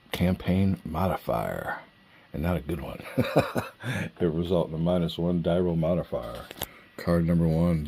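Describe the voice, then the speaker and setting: A man with a very deep voice hosts a solo board game, reading card text aloud and musing over each draw with easy fillers. He begins hushed and quiet, keeping the gameplay commentary casual. There's slight background noise.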